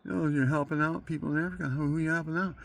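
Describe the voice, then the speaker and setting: A man's voice: fairly high pitch, fairly even intonation, racing, vocal fry, voice pushed up. A man mimicking a scoffing church official. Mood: incredulous. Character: disapproving male church official, older, scolding.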